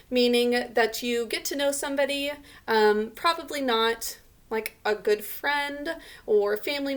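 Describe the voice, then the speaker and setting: Patient teacher sounding out letters. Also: female voice, a little high. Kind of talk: remote spelling lesson for children.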